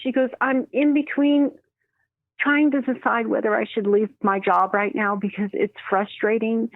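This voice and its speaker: A woman who works as a medium, telling stories in an animated way and acting out the voices in them. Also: a little high, normal speed, no room sound. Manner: animated, acts out quoted voices, laughs often. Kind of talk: storytelling in a phone interview. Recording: dry tinny phone line.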